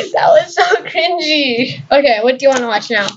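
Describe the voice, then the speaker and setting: A woman's voice: high voice, a bit bright, dull audio, a little hiss or hum. A woman hosting a casual reaction video, laughing and cringing at her own old clips in a playful, embarrassed way.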